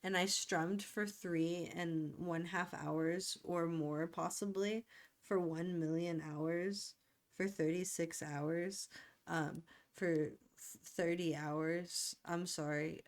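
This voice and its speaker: A woman's voice: on the low side, steady tone, takes it slowly. A woman streaming live, chatting casually and rambling playfully to herself as she works. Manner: rambling, playful, self-talking while working.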